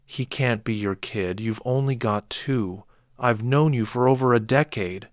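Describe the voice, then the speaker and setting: A man's voice: medium pitch, a little slow, no echo, studio quality, close to an everyday voice. A man voicing a blunt, nosy neighbor man who complains and demands answers. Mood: uneasy.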